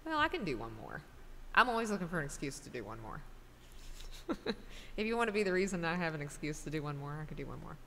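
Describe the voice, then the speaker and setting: Rambling, chatty middle-aged woman, slightly low voice. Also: sing-song, fast, pauses often, sharp tone, in a large hall, a little hiss or hum. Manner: rambling, chatty, talks to chat directly. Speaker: livestreamer and singer. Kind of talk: casual stream chat.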